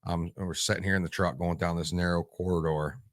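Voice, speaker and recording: A man's voice: low-pitched, steady tone, fairly quick, dry recording, studio quality. A man in his forties from Michigan, a veteran guest telling stories bluntly and with lots of swearing in a casual interview. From Michigan, USA. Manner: blunt and profane, rambling.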